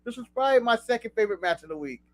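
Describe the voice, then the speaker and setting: An American man co-hosting a casual wrestling recap podcast, excitable and laughing often. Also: extremely high pitch, rapid-fire, dry recording. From United States. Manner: excitable, laughs often, does goofy voices. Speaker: co-host.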